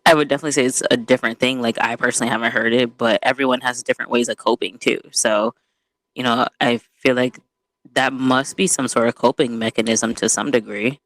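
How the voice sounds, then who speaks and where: A woman co-hosting a podcast in casual chat, talking in a relaxed, unhurried way with frequent laughter and slangy asides. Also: extremely low pitch, no echo. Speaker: podcast co-host.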